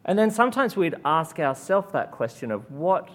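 A man gives a sermon as a guest preacher, his voice sitting somewhat high for a man. He talks in a relaxed, storytelling way, stringing anecdotes together with plenty of "uh" fillers. His prayers come slower and quieter than his preaching. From Australia. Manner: conversational storytelling with frequent "uh" fillers; hushed, slow prayer.

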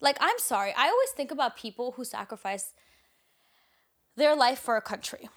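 Animated swearing woman co-host. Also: high voice, moderate pace. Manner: animated, swears often, frequent filler words. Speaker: podcast co-host. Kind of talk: casual chat.

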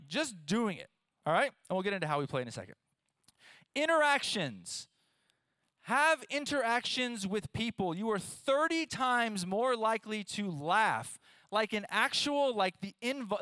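Lively high-voiced male preacher. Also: clear, resonant tone, no room sound. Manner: animated, playful, talks straight to the audience. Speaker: pastor. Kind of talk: sermon.

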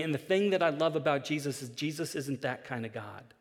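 A man's voice: a little high, animated, brisk. Man in his forties, pastor, earnest sermon delivery; voice carries long reverb of a large hall. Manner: earnest storytelling, rising in intensity with repeated restarts.

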